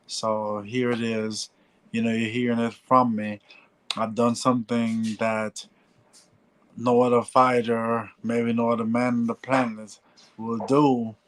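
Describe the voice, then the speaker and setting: A man in his forties with a Jamaican accent, talking casually as an interview guest, halting and often repeating "you know". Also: on the low side, rough recording. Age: 40s. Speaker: guest, former heavyweight boxer.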